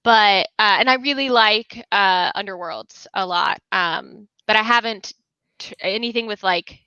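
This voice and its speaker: A woman's voice: medium pitch, unhurried, clean tone, no room sound, muffled recording. A woman guest on a gaming podcast, chatting casually and laughing easily about board games. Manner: warm, laughs often, easygoing. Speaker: guest, gaming content creator. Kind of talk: casual interview chat.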